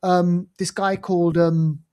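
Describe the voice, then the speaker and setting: Rambling enthusiastic podcast co-host. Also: male voice, high voice, little pitch movement, slow pace, a little mellow. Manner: enthusiastic, rambling with many fillers and restarts. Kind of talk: casual movie review chat.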